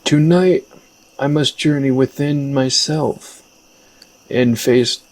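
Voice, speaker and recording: A man's voice: mid-range voice, slow pace, voice pushed up, poor audio. A man reading as an earnest young shaman apprentice.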